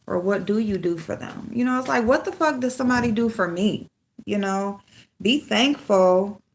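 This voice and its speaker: A woman's voice: mid-range voice, brisk. A middle-aged woman venting in casual livestream chat, frank and loose, swearing freely as she talks to viewers. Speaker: livestream host.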